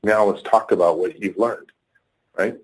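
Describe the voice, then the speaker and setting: Podcast guest: middle-aged man, husky and low-pitched, lively storyteller who voices the people he quotes. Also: measured pace, rough recording. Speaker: guest, company leader.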